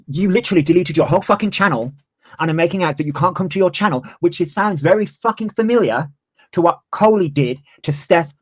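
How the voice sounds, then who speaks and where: A man's voice: a little high, no room sound. A man in his twenties, ranting heatedly on a livestream and swearing freely. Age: 20s. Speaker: streamer. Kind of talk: livestream commentary.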